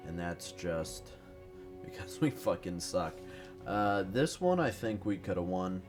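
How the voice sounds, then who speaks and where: A man's voice: deep voice, big pitch swings, measured pace, music in the background. A man giving casual, rambling, profane commentary while playing a strategy game, a bit tired and fumbling for words. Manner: rambling, profane, self-deprecating. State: tired, no morning caffeine. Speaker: gaming commentator.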